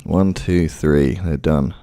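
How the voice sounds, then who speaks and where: A man's voice: very deep voice, slow, mellow, no echo. A man rambling and swearing to himself in a casual practice session at home, right up on a close microphone. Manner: rambling, swearing self-talk. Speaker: impressionist youtuber. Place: room at home.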